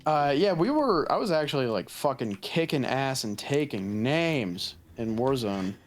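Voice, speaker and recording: Young male podcast co-host, lively pitch, foul-mouthed storyteller. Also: measured pace, faint music behind. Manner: profane, animated storytelling. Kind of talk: casual gaming podcast chat.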